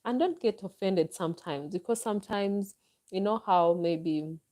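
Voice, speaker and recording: A woman's voice: mid-range voice, a little slow, warm tone. A Ugandan woman vlogger with a Ugandan accent, chatting unhurriedly as she answers viewer comments and gives advice. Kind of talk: live stream chat, answering viewer comments.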